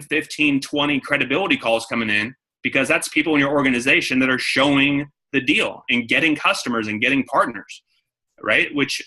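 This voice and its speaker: A man's voice: medium pitch, pushed and bright, poor audio. A man giving a coaching talk to his sales team, repeating key points and acting out phone calls. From San Diego. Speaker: network marketing trainer.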